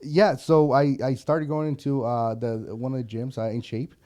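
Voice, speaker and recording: A male guest talks earnestly in a halting way, restarting sentences and leaning on "you know". His voice is warm and mellow. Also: medium pitch, little pitch movement. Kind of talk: casual interview conversation.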